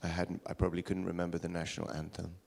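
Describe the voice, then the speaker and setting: Man preacher, British accent with American tinge, deep gravelly voice, storytelling with restarts. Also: monotone, rapid-fire, darkish tone. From England. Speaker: pastor. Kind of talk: sermon. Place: church service.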